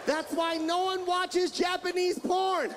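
Loud male stand-up comedian, roaring crowd. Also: very high-pitched, little pitch movement, slow pace, background noise. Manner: loud, punchy, shouting punchlines. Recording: live show mic, loud crowd laughter.

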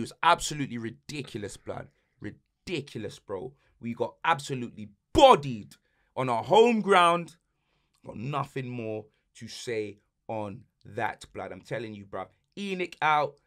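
Ranting young London man, bright tense voice. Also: medium pitch, big pitch swings, unhurried. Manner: repeats slang tags like blood and fam, swings from shouting to muttering. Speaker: podcast host. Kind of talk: heated football rant.

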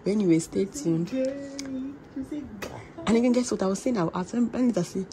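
A woman's voice: medium pitch, brisk, a crowd in the background. A young woman chatting casually to her vlog audience. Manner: chatty, laughing, animated. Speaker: vlogger.

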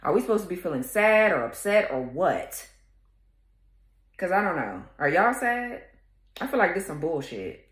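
Female tarot reader, blunt and cussing, lowish voice, roomy echo. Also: expressive, moderate pace. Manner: blunt, profane, sassy; talks straight to viewers, laughing at times. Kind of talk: casual tarot reading to viewers.

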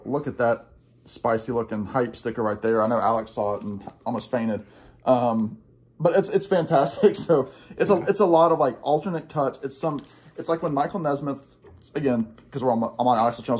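A young man with a mid-range, darkish voice chats casually as a guest record collector. He rambles enthusiastically about records he bought, using lots of fillers.

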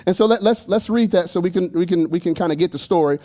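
Holding a handheld mic, a male pastor delivers a sermon in a relaxed, joking style, tossing asides to the people in the pews. He speaks fast, and his warm-toned voice sits high.

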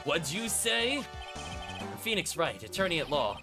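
A man putting on a gruff Brooklyn biker thug. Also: fairly high pitch, sing-song, measured pace, pitched above the performer's own voice. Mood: swaggering. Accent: put-on Brooklyn. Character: loud gruff male biker thug, tough street talk. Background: game music.

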